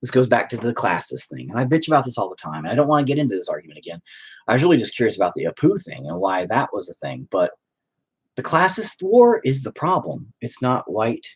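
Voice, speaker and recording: A man's voice: medium pitch, breathy edge. A man chatting at home while painting, rambling through a profane, opinionated rant.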